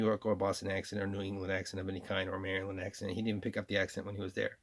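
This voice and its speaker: A man's voice: sits low, level tone, very fast, few pauses. A man vlogging in a rambling monologue, full of restarts and repeated words.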